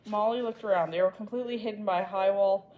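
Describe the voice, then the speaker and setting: A woman reading a children's chapter book aloud in a gentle, unhurried storytelling manner. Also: mid-range voice, steady tone, phone-quality sound. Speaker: storybook reader.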